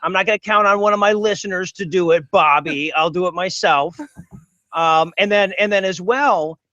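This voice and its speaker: A man with a high-pitched voice jokes deadpan as a podcast guest. His voice is recorded dry and close, with no room around it. He delivers absurd promises with a straight face. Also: normal speed, no room sound, muffled recording. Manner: deadpan joking. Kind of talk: comedic podcast chat.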